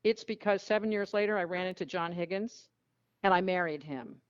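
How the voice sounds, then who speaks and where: A woman tells frank, animated stories as an interview guest, blunt and lively in her delivery. The recording is muffled and lo-fi. It is also very dry, with no room sound. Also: lowish voice, fairly quick, clean tone, dry recording. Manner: animated, frank storyteller who acts out quotes. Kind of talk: storytelling in a casual interview.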